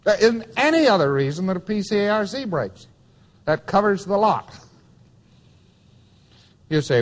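A man's voice: high-pitched, sing-song, normal speed. Wry man lecturing in a reverberant hall. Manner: emphatic, wry, repeats key phrases. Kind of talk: taped lecture to students.

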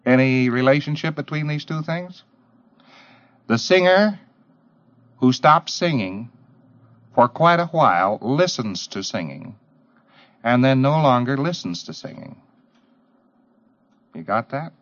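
A man lectures with a lively, swooping pitch, firing off rhetorical questions and mimicking others in bursts. The sound is dull and lo-fi, like an old tape recording. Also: slow, pauses often. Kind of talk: lecture to trainee auditors.

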